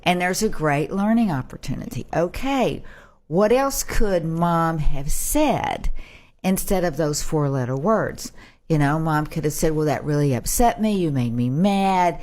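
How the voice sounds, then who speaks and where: A woman's voice: sits low, animated, measured pace, darkish tone. A middle-aged woman, a brain health expert, giving advice in a casual panel chat and acting out little exchanges.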